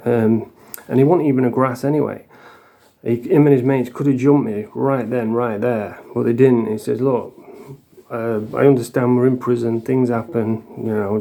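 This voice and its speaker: A man's voice: mid-range voice, gravelly, warm tone. A man from the Doncaster area with a Yorkshire accent, telling blunt, rambling stories to camera in casual vlog style, swearing often. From Doncaster area, England. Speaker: vlogger.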